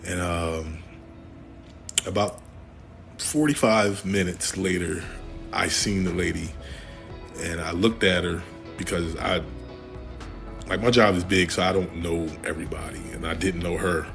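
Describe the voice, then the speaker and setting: A man casually telling a personal story, jokey and animated, his voice jumping higher when he quotes people. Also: measured pace, gravelly, pauses often, soft background music. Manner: jokey, uses "y'all". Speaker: storyteller in a shared clip.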